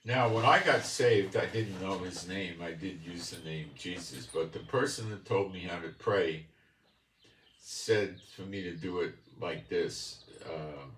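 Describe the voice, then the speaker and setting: A man's voice: deep voice, measured pace, a bit bright, slight background noise. A man with a New York accent giving a folksy bible teaching monologue. He keeps checking in with his listeners. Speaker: channel host. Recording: roomy, distant mic with faint ambience.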